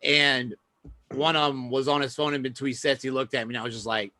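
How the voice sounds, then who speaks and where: A man's voice: mid-range voice, level tone, brisk, bright, forceful tone. A man hosting a casual podcast, a personal trainer ranting about gym manners in profane, heated bursts and acting out arguments.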